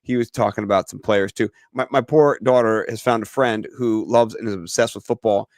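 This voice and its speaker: A middle-aged man co-hosting a fantasy football show, telling stories in a lively way and acting out other people's voices. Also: lowish voice, a little fast, dry recording, studio quality. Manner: animated storyteller who acts out other people's voices. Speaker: fantasy football podcast co-host. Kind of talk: casual chat.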